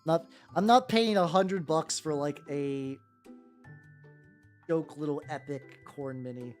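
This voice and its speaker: A woman's voice: low voice, slow pace, a little mellow. A woman in her thirties chatting casually as she paints miniatures, rambling through ideas with constant "like" fillers. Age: 30s. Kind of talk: casual chat while painting. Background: faint background music.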